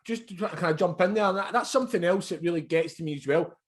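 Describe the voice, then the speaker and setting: A man hosting a podcast interview, speaking in a sympathetic, halting way with many fillers. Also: high-pitched. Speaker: podcast host. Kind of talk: conversational interview.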